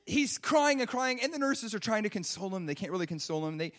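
Animated, higher-voiced male preacher. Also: fast talker. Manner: emphatic, full of rhetorical questions. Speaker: pastor. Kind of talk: sermon.

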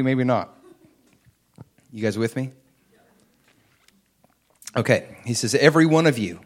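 A man preaching a sermon, reading scripture aloud and building to loud, emphatic lines. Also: medium pitch, moderate pace, pauses often. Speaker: pastor.

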